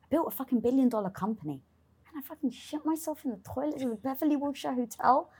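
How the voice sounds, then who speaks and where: Talking fast in a high-pitched, slightly rough voice, a young adult woman gives an interview about something personal. Her telling is candid and expressive, loaded with swearing and acted-out inner dialogue.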